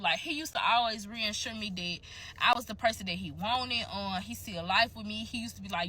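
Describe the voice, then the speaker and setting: Bright-voiced young woman telling a story. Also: medium pitch, animated, brisk. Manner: candid, profane, chatty storytelling. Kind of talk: casual storytime to viewers.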